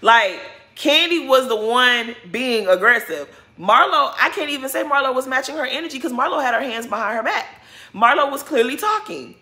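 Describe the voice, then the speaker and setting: A woman vlogger talks with a bright, cutting edge. She delivers outspoken, casual commentary, calls people out directly and curses without hesitation. Her points come back again and again with emphatic repetition. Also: high-pitched, expressive, moderate pace. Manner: blunt, outspoken, swears freely. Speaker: reality TV recap vlogger.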